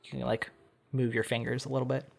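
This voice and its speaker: A man narrating a tabletop game as dungeon master, describing scenes in an unhurried storytelling way. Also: mid-range voice, flat delivery, creaky, background noise.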